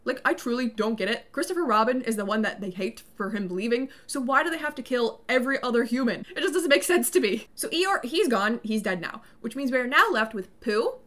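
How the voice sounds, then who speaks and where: A woman's voice: on the high side, a bit bright. A young woman recapping a horror movie in casual chat, sarcastic and incredulous, saying "like" a lot. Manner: sarcastic and incredulous, fond of the filler "like".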